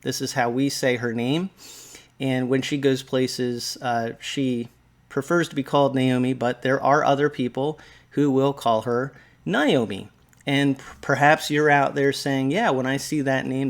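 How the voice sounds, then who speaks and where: A man hosting a casual explainer video, talking in a relaxed, light-hearted way and often asking his viewers questions. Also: mid-range voice, normal speed. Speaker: video host discussing Bible pronunciation. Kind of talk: casual explanatory talk to camera.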